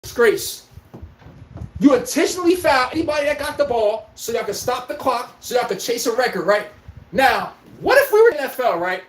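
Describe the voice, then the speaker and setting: Animated ranting male podcast host. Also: very high voice, a little fast. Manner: animated, profane, rhetorical questions. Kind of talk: ranting sports commentary. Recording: echoey room.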